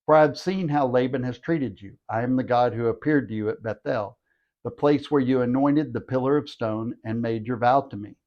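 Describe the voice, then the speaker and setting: A man's voice: mid-range voice, moderate pace, lightly acted. Solemn angel giving orders, read by a man, dull muffled recording. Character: male angel giving divine commands.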